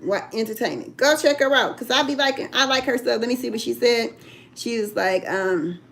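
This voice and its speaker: A woman's voice: a little high, fairly quick, creaky, fairly bright tone. An older woman hosting a casual live chat from home, chatty and drawn out, laughing often. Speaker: livestream host.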